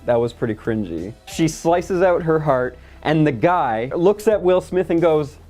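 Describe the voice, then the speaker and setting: A man's voice: a little high, expressive, measured pace, a little mellow, soft background music. A man hosting a casual movie review chat, blunt and sarcastic, swearing freely. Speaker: movie review podcast host.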